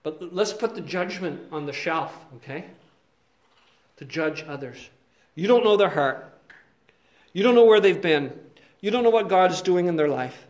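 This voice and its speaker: Male preacher, high voice, earnest, emphatic, sermon delivery that shifts between soft asides and loud stressed points. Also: animated, moderate pace, pauses often. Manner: earnest, emphatic, asks the listeners to check in often. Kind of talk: expository sermon.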